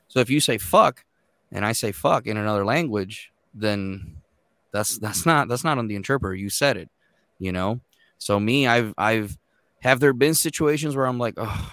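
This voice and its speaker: A man in his thirties talks about his work as a court interpreter in loose, animated podcast chat, swearing freely. His voice sits low. The sound is dry and close, with no room around it. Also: dry recording. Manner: profane, animated storytelling.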